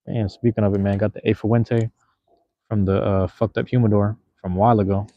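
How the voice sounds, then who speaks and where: Laid-back, slangy low-voiced male streamer. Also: level tone, a little fast, dry recording, lo-fi sound. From Seattle. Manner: loose, slangy, drops profanity, addresses chat. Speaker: livestream host. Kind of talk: casual livestream chat with viewers.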